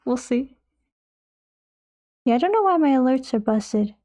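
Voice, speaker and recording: A woman's voice: sits high, lively intonation, a little slow, dark tone. A young woman streamer chatting casually while painting, playful and swearing freely.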